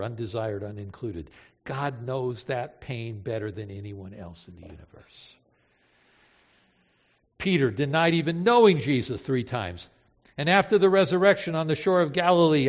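Impassioned preacher man in an echoing hall. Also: medium pitch. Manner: emotive, swings from hushed to impassioned. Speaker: pastor. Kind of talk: sermon. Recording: reverberant hall, dull lo-fi sound.

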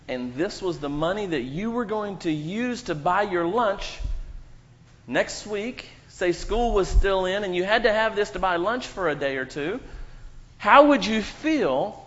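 Man, somewhat high voice, lively storytelling to kids; long church reverb, dull muffled sound. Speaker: children's story speaker. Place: church sanctuary.

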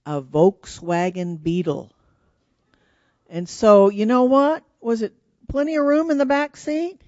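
Animated woman telling a children's story. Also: a little high, slow pace, dry recording, muffled recording. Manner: animated, asks children questions. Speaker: children's story leader at church.

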